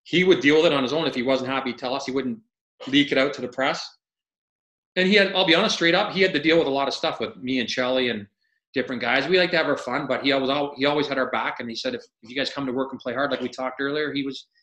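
Bright-voiced man telling animated stories. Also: mid-range voice, fast, reverberant, poor audio. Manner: animated storyteller acting out quotes, laughs often. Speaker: podcast guest, retired hockey player. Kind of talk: casual storytelling.

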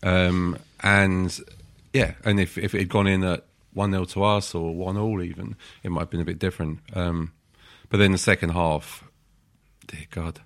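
Deep-voiced man, measured and hesitant. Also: fairly even intonation, a bit bright, no echo. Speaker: podcast guest. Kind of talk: casual football chat.

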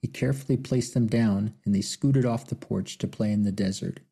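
A man narrating an audiobook in a measured, somber storytelling manner. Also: fairly low pitch, gravelly, mellow, breathy edge. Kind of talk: scripted narration.

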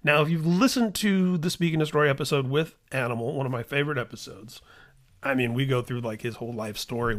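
A middle-aged man hosting a podcast, telling a story in a casual, enthusiastic way with restarts and laughter. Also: medium pitch. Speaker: podcast host.

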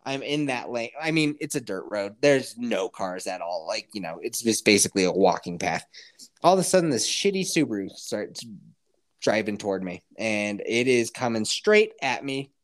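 A man tells a funny story in a fairly low voice that swoops up and down throughout. He talks casually and swears a lot, acting out other people's reactions with quick impressions.

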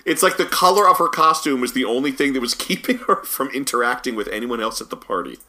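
Bright-voiced man recapping a movie. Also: mid-range voice, animated, fast talker. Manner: rambling, laughs while recounting the plot. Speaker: podcast co-host. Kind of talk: casual film review chat.

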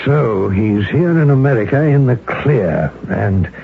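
An actor playing a precise Scotland Yard inspector in an old-time radio drama, speaking with a British accent. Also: male voice, mid-range voice, expressive, unhurried, creaky, slightly rough, soft background music, full character voice. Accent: British English. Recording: phone-like old radio broadcast, faint hiss.

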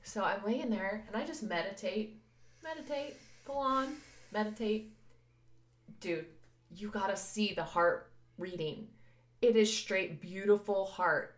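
Brief: lively woman podcaster, storytelling with laughs, roomy echo. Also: medium pitch, measured pace, pauses often. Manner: animated, laughing, acts out voices of others. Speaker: podcast co-host. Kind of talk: casual storytelling chat. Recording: echoey room.

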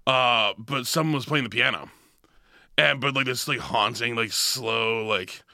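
A man's voice: medium pitch, a little slow, bright, forceful tone, no echo, clean studio sound. A man who works as a bartender telling a rambling story full of fillers in a casual podcast chat. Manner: rambling, lots of "like" and "uh".

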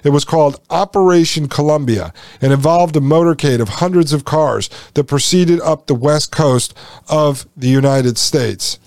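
A man with a somewhat high voice hosts a podcast, reading passages aloud and adding sarcastic, folksy remarks for his listeners. The sound is close and dry, with no room around it. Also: normal speed, darkish tone, dry recording. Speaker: podcast host.

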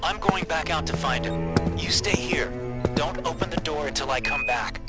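A male astronaut leader holding onto his composure, his raised voice hushed and trembling. Loud music swells behind him, as a narrator acts him out. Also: on the high side, normal speed, pitched above the performer's own voice, close to an everyday voice. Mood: tense. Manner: tense, trembling voice.

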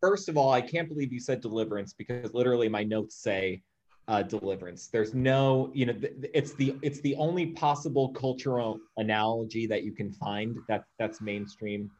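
A man's voice: medium pitch, normal speed, darkish tone, muffled recording. A man with a mid-range voice co-hosts a podcast from his apartment. He speaks emphatically and with enthusiasm in a casual discussion. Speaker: podcast co-host. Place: home apartment.

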